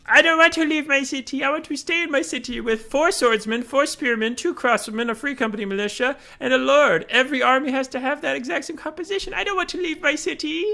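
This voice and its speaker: A man's voice: extremely high pitch, fast, gravelly, hardly any pauses, bright, forceful tone, voice pushed up, heavily acted. A man voicing a whiny, cowardly male army leader who refuses to leave his city. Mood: whiny scared. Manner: whining, pleading.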